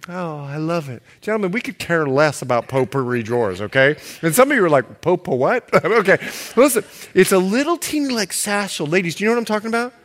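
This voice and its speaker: Pastor, male, high-ish voice, very expressive delivery, playful loud-to-hushed swings. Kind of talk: sermon.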